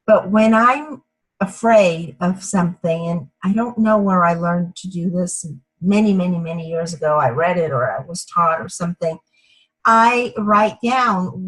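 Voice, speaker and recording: A woman student sharing in a class discussion, speaking in a measured, methodical way. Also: lowish voice, a bit bright, slightly rough, rough recording.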